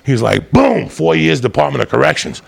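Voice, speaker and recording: Gravelly, profane stand-up comedian. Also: male voice, sing-song, normal speed. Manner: loud, profane, rambunctious, swings into high shouts. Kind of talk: stand-up storytelling to a live audience.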